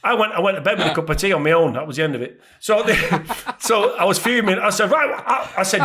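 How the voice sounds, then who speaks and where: A man's voice: on the high side, fast, a bit bright. A middle-aged man co-hosting a podcast in casual chat, telling stories with lots of animation and acting out the voices of other people and animals. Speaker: podcast co-host.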